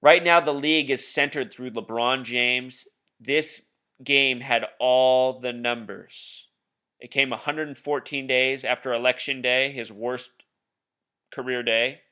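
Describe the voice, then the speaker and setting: A man's voice: mid-range voice, fairly even intonation, unhurried, bright, forceful tone, smooth. A man talking casually over a screen share, insistently explaining his theories and addressing the viewer directly. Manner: insistent, conspiratorial; addresses viewer as "Truth Seeker". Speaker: video blogger.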